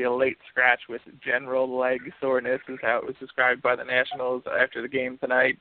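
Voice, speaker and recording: A man's voice: mid-range voice, dry recording. A man hosting a casual sports podcast, recapping the game in a conversational way over tinny audio. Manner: conversational, recaps scores and news. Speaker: podcast host. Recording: tinny phone-line audio.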